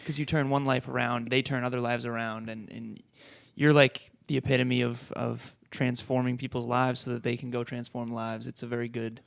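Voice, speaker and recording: A man's voice: medium pitch, flat delivery, normal speed, gravelly, few pauses, clear, resonant tone. A man co-hosting a podcast, speaking in an enthusiastic, encouraging way. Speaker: podcast co-host. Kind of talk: casual podcast interview.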